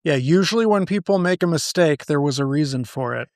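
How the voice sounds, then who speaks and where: A man's voice: a little high, lively intonation, fairly quick, no echo. A man co-hosting a casual chat, dry and skeptical, teasing his partner. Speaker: podcast co-host.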